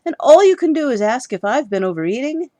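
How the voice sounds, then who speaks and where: A woman voicing a fretful, dramatic mother crow in a storybook reading, with high, loud, tearful outbursts. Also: big pitch swings, normal speed, dry recording. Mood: distraught.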